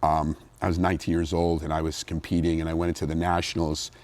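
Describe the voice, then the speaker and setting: A man's voice: extremely low pitch, fast talker, no room sound. A middle-aged man from New Jersey, a former pro bodybuilder, telling his story in a casual interview and acting out what people said. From New Jersey, USA. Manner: animated storyteller, acts out quotes.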